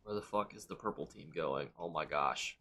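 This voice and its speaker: A man streaming a game live, chatting with viewers and reacting loudly and with swearing to the action. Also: rumbling low, moderate pace. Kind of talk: live gameplay commentary.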